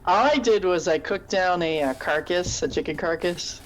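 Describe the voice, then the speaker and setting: A woman's voice: lowish voice, moderate pace, a crowd in the background. A woman co-hosting a casual live chat show, a teacher who rambles through stories and laughs often. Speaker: podcast co-host.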